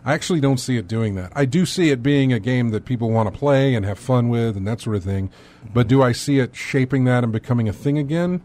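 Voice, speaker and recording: A man's voice: medium pitch, brisk, a little mellow. Rambling man chatting about games. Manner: rambling, thinks aloud with many fillers. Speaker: podcast co-host. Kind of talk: casual gaming news chat.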